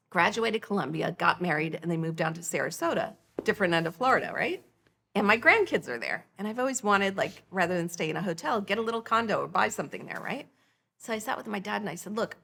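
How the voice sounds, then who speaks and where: Her fairly low voice is gravelly with a breathy edge: a middle-aged woman, a nonprofit founder, guesting on a podcast. She tells her personal story with animation and acts out the quoted dialogue.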